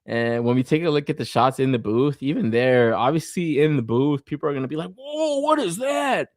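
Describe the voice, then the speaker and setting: A man's voice: mid-range voice, brisk, no echo, studio quality. A man hosting a casual toy review podcast, swearing freely, laughing often and talking with lots of filler. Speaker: podcast host.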